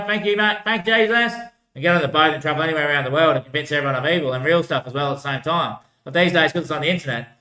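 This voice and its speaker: A man's voice: a little high, sharp tone, echoey room. A man talking in a loose, drifting solo monologue, repeating himself and tossing in "mate" often. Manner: repetitive, keeps saying "mate" and "bloody hell"; loose, drifting talk with frequent laughs. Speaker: vlogger.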